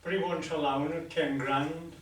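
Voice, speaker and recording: A man's voice: a little high, steady tone, normal speed, far from the mic, slight background noise, lightly acted. A flustered, unsure young bank clerk , as a man puts her on in a joke, her voice lifted a bit above his own. It carries from afar in an echoey club room. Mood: fretting. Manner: uncertain, fretting.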